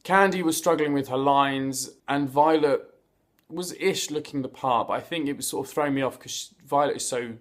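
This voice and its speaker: A man's voice: mid-range voice, moderate pace. Chatty campy man hosting a review vlog. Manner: chatty and playful, with campy slang and asides; stumbles over words now and then. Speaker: host of a reality TV review vlog. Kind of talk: casual spoken review.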